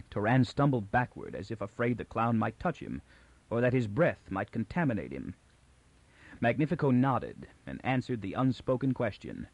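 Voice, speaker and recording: A man narrating a science fiction audiobook in an even, clear storytelling way. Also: mid-range voice, normal speed, dry recording, lo-fi sound.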